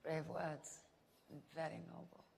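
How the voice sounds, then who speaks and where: A woman's voice: low voice, level tone, slow, gravelly, darkish tone, slight background noise, exaggerated voice. An actress playing a guarded, disdainful woman in a game, speaking in clipped, cool tones. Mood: cold. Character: cool guarded German woman singer, middle-aged. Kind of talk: game dialogue.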